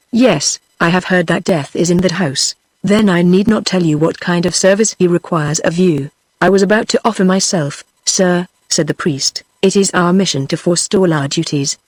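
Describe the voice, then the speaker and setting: A text-to-speech woman's voice with a British accent, reading a classic novel aloud in an even, measured way. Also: lowish voice, no echo. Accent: British English. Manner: even, measured reading of dialogue and narration alike. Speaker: narrator. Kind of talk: synthetic audiobook narration.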